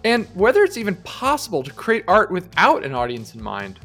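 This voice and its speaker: A man's voice: sits high, wildly swooping pitch, fairly quick, fairly bright tone, soft background music. A man co-hosting an advice podcast, arguing his opinions emphatically in casual conversation. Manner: opinionated, emphatic, shifts pace often. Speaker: podcast co-host.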